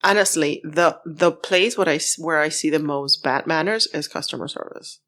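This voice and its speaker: A woman with a low voice chatting casually as a podcast co-host. She is blunt and opinionated, swears freely, and drops Spanish phrases into her talk. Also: normal speed, a bit bright. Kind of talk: casual chat.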